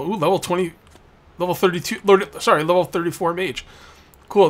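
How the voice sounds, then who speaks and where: A man with a somewhat high voice talks through a shop game in casual let's play commentary. He keeps up a jokey running chat with the customers on screen. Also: fairly even intonation, a little fast, long pauses.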